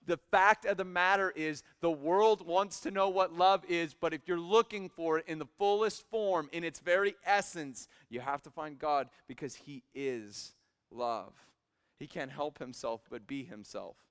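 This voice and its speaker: A young man in his twenties preaching a sermon in a church, swinging from quiet asides to loud emphatic peaks. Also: fairly high pitch, a little slow, smooth. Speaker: pastor. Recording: hall reverb.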